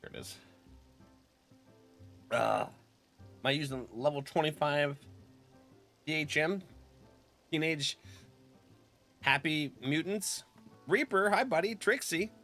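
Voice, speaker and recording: Brief: male game streamer, bright forceful tone, chatty, laughs a lot, faint music underneath. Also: fairly high pitch, animated, slow, pauses often. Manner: chatty, laughs often, clears throat. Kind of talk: casual live-stream chat.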